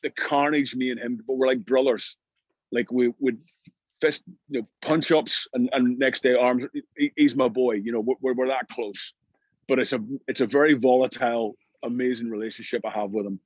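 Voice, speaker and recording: A middle-aged Scottish man telling anecdotes in an interview, lively and full of restarts. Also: mid-range voice, normal speed, husky, dry recording, highs cut off. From Scotland. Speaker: guest musician. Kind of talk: storytelling interview.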